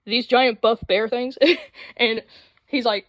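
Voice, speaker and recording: A young woman rambling excitedly about anime in a casual vlog, full of fillers and sudden jumps in voice. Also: fairly high pitch, no room sound. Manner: rambling, excitable, with frequent fillers and quick voice switches. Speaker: anime vlogger. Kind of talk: casual chat. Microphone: phone mic.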